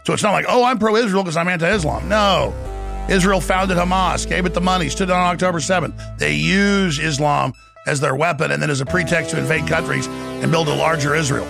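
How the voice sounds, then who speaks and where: A middle-aged man hosting a talk show, delivering a forceful, rapid, ranting monologue from a studio. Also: fairly high pitch, gravelly, soft background music. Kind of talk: impassioned talk radio monologue.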